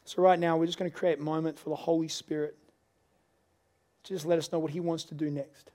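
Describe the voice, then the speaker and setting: A middle-aged man preaching a sermon as pastor, earnest and confessional, rising to loud pleading. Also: on the high side, flat delivery, a little fast. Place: church service.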